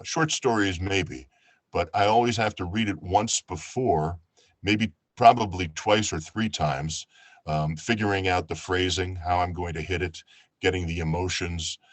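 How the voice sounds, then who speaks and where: A man from New York, an audiobook narrator, talking casually over a video call in a relaxed, chatty way. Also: sits low, dry recording. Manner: relaxed, chatty, with fillers and restarts.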